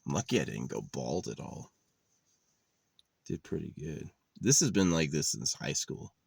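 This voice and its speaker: A man's voice: extremely low pitch, very animated, unhurried, vocal fry, a little mellow, slightly rough, no echo. A man in his thirties vlogging in a meandering, sardonic monologue, swearing casually as he goes. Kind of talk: rambling monologue. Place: lives in a van.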